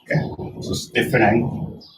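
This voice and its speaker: A man teaching a tai chi lesson, talking in loose, broken phrases as he demonstrates the moves. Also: brisk. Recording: distant mic with faint background noise.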